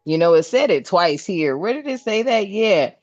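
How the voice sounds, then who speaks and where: A woman's voice: mid-range voice, lively intonation, moderate pace, no room sound, dull audio, faint music behind. A woman giving a casual spiritual card reading, laughing often and calling her viewers family. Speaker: spiritual reader.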